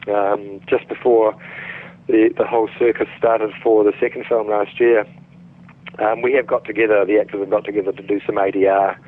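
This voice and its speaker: A middle-aged New Zealand actor with a New Zealand accent tells stories as a guest in a relaxed interview, chatty and full of restarts. His voice is fairly low, his pace moderate, and the recording has a tinny phone-line sound.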